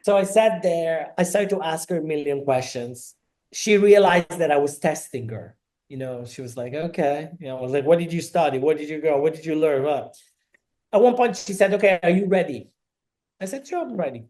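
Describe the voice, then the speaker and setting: A man's voice: fairly high pitch, normal speed. A middle-aged man from Naples, a podcast guest telling a personal story and acting out the dialogue as he goes. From Naples, Italy. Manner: animated, acts out quoted dialogue.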